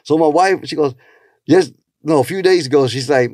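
With a darkish tone and an animated, slightly fast delivery, a comedian tells stories casually, changing pitch to act out whoever he's quoting. The recording is dry and studio quality.

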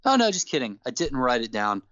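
Animated man ranting about wrestling. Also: medium pitch, a little fast, lo-fi sound, slight background noise. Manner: animated, exasperated ranting with laughs. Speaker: podcast co-host. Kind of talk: casual wrestling podcast chat.

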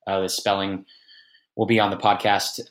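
A man guesting on a podcast as a fitness coach, talking in a warm, affirming, grateful way. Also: on the low side, flat delivery, moderate pace. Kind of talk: casual chat.

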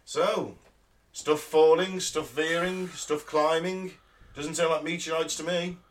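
A man's voice: on the high side, steady tone, slow pace. A British man co-hosting a podcast, reading news items aloud with dry, sarcastic asides. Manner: dry, sarcastic, laughs often. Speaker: podcast co-host. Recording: distant mic.

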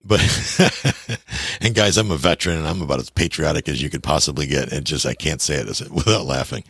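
A man with a gravelly voice, ranting to viewers about money in a blunt, sarcastic way with folksy slang. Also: rumbling low, fast, fairly bright tone, no room sound, clean studio sound. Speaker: veteran talking about money. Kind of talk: casual rant to viewers.

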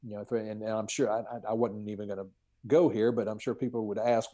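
Mellow-voiced man speaking slowly and carefully. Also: on the low side, level tone. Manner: measured, hesitant, many fillers, word-searching. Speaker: podcast guest, spiritual teacher. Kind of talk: casual conversation.

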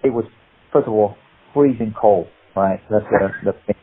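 Husky man telling stories down a phone line. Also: fairly low pitch, moderate pace. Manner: animated storyteller, rambling. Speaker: guest, martial arts actor. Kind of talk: anecdotal interview chat.

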